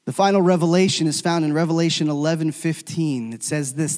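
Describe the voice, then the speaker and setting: A man's voice: fairly high pitch, brisk, hardly any pauses. Preaching man with hall reverb. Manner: swings from loud emphatic calls to hushed, near-whispered endings. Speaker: pastor. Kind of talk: sermon.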